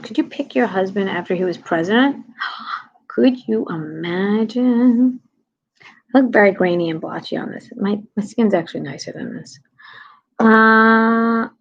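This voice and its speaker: A husky-voiced woman from New talks in a loose, animated livestream ramble. Her energy swings from loud bursts to hushed whispered asides. The sound is slightly dull and lo-fi, like a phone or webcam stream. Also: medium pitch. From New York City. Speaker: comedian livestreaming to viewers. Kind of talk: casual livestream chat.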